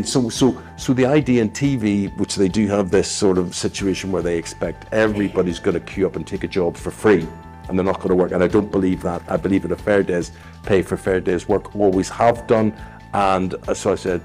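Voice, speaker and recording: A man, telling lively anecdotes as an interview guest. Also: deep voice, fairly quick, faint music behind. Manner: animated storyteller, acts out voices in his anecdotes.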